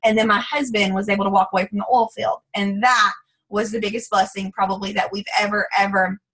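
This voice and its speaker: A woman in her late twenties, a former teacher telling her story in a bubbly, chatty, animated way. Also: medium pitch, a little fast, poor audio. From Texas. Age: 20s. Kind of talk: casual testimonial talk.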